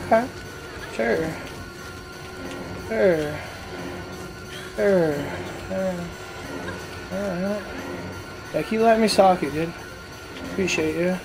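A man's voice: high voice, takes it slowly, long pauses, over music, rough recording. A man giving casual gameplay commentary as a channel host, talking cocky trash with plenty of swearing.

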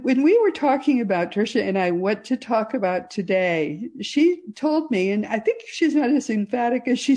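A woman's voice: medium pitch, warm tone. A woman from Massachusetts with a neutral American accent, hosting a radio talk show with enthusiastic, chatty delivery. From Massachusetts, USA. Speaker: host.

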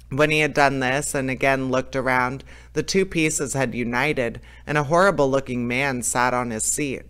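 A man reading a fairy tale aloud in a lively way, with small slips and restarts. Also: medium pitch, normal speed, hardly any pauses, clean tone. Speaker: storyteller.

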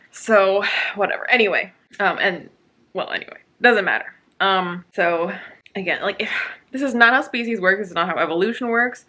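A woman's voice: lowish voice, sharp tone. A woman vlogging about a book she is reading, talking casually with sarcastic, exasperated asides and lots of fillers.

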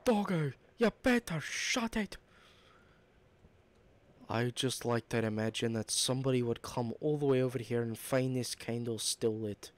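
A man's voice: medium pitch, little pitch movement, normal speed, few pauses, a little mellow. A man giving casual, self-deprecating commentary while playing a horror game. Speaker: gamer.

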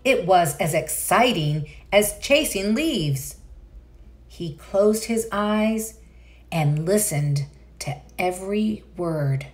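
A woman's voice: mid-range voice, animated, takes it slowly. A woman reading a children's picture book aloud, with enthusiastic asides to young listeners. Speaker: read-aloud narrator.

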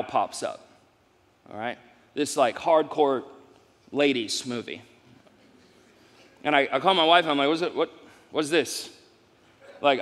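A middle-aged man preaching a live sermon as pastor, swinging from loud exclamations to soft asides. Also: on the high side. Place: large church hall. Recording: long hall reverb.

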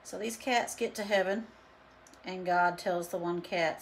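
A woman's voice: on the low side, steady tone, a little slow, creaky, slight background noise. A woman chatting casually through a live painting demo, rambling with lots of fillers. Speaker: painting instructor and studio owner. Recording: roomy echo.

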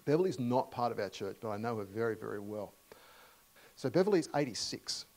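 A middle-aged Australian man preaching a sermon in a church, telling humorous stories warmly with many fillers and restarts. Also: mid-range voice, lively intonation, brisk, low-quality recording. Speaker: guest preacher. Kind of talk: storytelling sermon.

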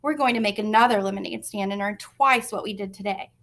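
A woman's voice: medium pitch, a little fast, vocal fry, fairly bright tone. A woman voicing a bold, smug young girl in a storybook reading. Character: small bold girl, smug little sister.

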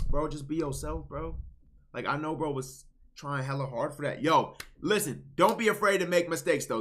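A man streaming casual reaction commentary, blunt, swinging between low muttering and loud outbursts. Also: slight background noise.

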